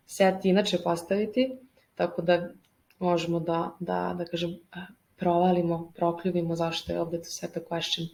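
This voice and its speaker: Slow-talking woman teacher, gravelly. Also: medium pitch, a little mellow, rough recording. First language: Serbian. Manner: hesitant, many fillers, switches between languages. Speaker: English teacher. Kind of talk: explaining grammar, reading text aloud.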